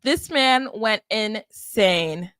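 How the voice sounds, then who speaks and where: A young woman co-hosting a podcast, casually retelling events in an animated way, acting out what people said. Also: mid-range voice, extremely slow, clean tone, dry recording. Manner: chatty, animated retelling with quoted asides. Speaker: podcast co-host. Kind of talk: casual chat recapping wrestling.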